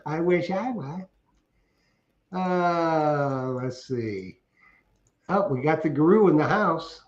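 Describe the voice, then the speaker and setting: A middle-aged man with a fairly high voice chats casually as co-host of a livestream. He reads out viewer comments and tells rambling, jokey stories, laughing at his own punchlines. The sound is roomy and a bit dull, like lo-fi stream audio. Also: expressive, extremely slow, pauses often. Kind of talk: casual chat.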